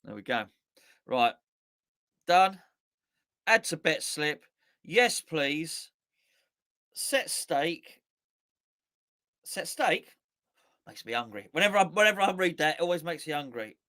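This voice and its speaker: Bright, chatty man hosting. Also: a little high, lively intonation, slow, long pauses. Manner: rambling, chatty, correcting himself often. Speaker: host. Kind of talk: casual live-stream chat.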